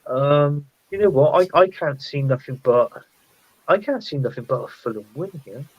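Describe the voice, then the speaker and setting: A man chatting casually as a football podcast panelist, thinking out loud and laughing often. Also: fairly high pitch, lively intonation, normal speed, slightly rough, dull audio. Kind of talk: casual chat.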